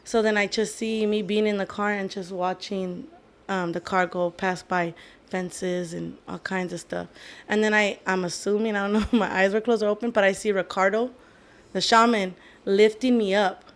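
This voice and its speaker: A woman's voice: medium pitch, fairly even intonation, normal speed. A woman sits at a podcast mic and tells a long personal story in a loose, candid way. She swears freely and drops short Spanish phrases into her English. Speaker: podcast co-host. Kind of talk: casual storytelling chat.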